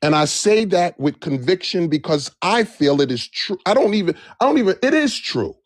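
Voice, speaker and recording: A man's voice: high voice, big pitch swings, moderate pace, no room sound, studio quality. A man speaking in an impassioned live discussion, emphatic and repeating phrases for stress. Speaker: livestream debate participant. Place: Georgia area, on a live stream.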